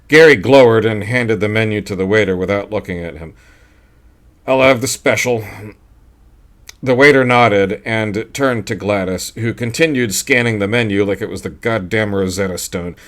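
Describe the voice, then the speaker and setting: A man narrating a short story in a dry, steady storytelling manner. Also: on the low side, normal speed, hardly any pauses. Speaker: audiobook narrator. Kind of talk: scripted narration.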